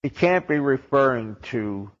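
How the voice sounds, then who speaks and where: A man's voice: medium pitch, expressive, a little slow. A man giving a sermon as a rabbi, wry and sarcastic, asking rhetorical questions. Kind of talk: sermon on the weekly Torah portion. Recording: dull lo-fi old recording.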